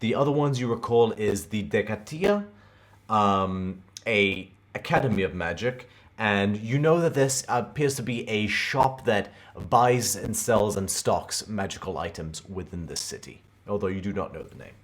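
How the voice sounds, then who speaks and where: Low-voiced man narrating as game master. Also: measured pace. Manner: descriptive, scene-setting narration.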